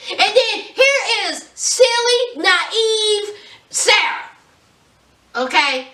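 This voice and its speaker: A sassy woman recaps a reality show for her channel in casual chat, her voice high and bright. She's animated, acting out each person she quotes, but speaks at a slow pace. Recorded from a distance and a little off the mic, she rings in an echoey room.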